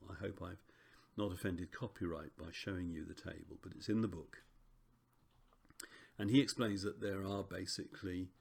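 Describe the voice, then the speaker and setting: Low gravelly man teaching. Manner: relaxed, chatty, frequent ums and self-corrections. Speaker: Greek teacher. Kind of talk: recorded lesson walkthrough.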